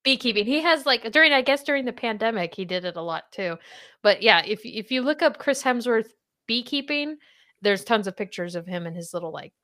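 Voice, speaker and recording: Chatty woman podcast host quizzing. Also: brisk. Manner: chatty, quizzing with lively swings of pitch. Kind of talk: casual chat.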